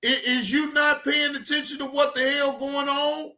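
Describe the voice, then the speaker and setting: A man's voice: extremely high pitch, moderate pace, few pauses. A man hosting a reaction stream, commenting bluntly and profanely and scolding the people in the clip. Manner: animated, shouting at times.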